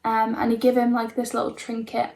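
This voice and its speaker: A woman's voice: on the high side, monotone, fairly quick, darkish tone. A young woman casually telling her own life story to camera, rambling with lots of likes and ums.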